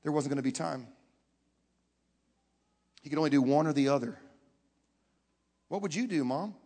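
A man with a high voice preaches with dramatic swings between hushed moments and loud outbursts. He keeps putting questions to the audience as he tells his story. His voice rings out with a long reverb, as in a large hall. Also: moderate pace. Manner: talks directly to the audience with questions. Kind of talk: sermon.

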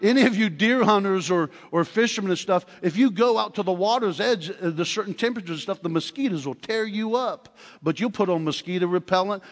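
An older man preaching a sermon in a church, telling stories with animated humor. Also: sits high. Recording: long hall reverb.

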